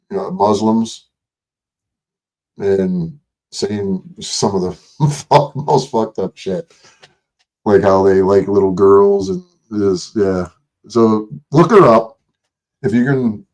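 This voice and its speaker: An older man chats loosely on his own livestream, his fairly low voice rambling between jokes and curses. He reads viewer messages aloud and answers them in a casual, off-the-cuff way. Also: darkish tone. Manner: rambling, profane, jokey, reads out chat. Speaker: livestream host.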